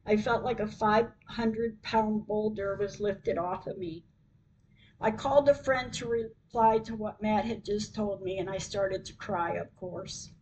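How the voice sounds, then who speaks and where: An older woman hosting a podcast, reading a personal story aloud in a slow, measured way. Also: medium pitch, a little mellow, highs cut off. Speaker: podcast host.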